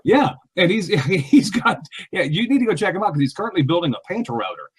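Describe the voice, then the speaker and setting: Husky, animated podcast man. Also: sits high, a little fast. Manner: animated, laughing, many ums and restarts. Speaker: podcast co-host. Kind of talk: casual podcast chat.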